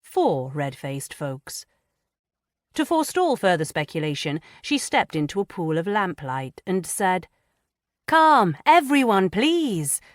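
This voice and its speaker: A woman's voice: low voice, measured pace, no room sound, clean studio sound. Composed woman narrating a mystery. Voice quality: even, composed. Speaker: audiobook narrator. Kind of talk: scripted narration.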